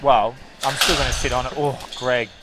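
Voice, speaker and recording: A man with a Scottish accent giving live squash commentary, chatty, excitable and joking with his co-commentator. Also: medium pitch, moderate pace. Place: squash venue. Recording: loud court noise and ball bounces.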